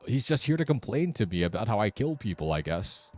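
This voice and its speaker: A man's voice: lowish voice, sing-song, brisk, hardly any pauses. A man streaming a game with casual, wry commentary, muttering sarcastic asides to himself.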